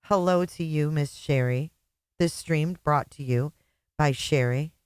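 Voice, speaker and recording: A woman hosts a livestream, reading out and thanking viewers in a casual, mocking tone. Her voice sits a little low and she laughs often. The sound is dry and close. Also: unhurried, darkish tone, clear, resonant tone, dry recording. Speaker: livestream host.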